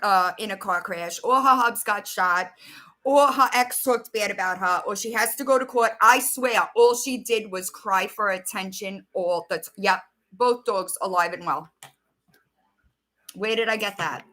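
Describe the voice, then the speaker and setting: A woman's voice: mid-range voice, a little slow, bright, forceful tone. A woman hosting a casual livestream, chatting loosely and swearing while she reads out messages and searches her phone. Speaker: livestream host.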